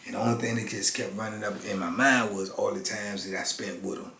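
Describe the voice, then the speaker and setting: A man in his fifties telling a personal story in a halting, earnest way, often restarting and checking in with his listener. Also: lowish voice, steady tone, creaky, pushed and bright, a little hiss or hum. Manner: halting, earnest, many restarts and "you know what I'm saying". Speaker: formerly incarcerated channel host. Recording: roomy room with faint ambience.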